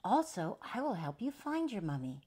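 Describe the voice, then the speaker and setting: A woman voicing a kind, cuddly toy teddy bear who speaks gently. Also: medium pitch, big pitch swings, normal speed, slightly rough, pitched above the performer's own voice. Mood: gentle.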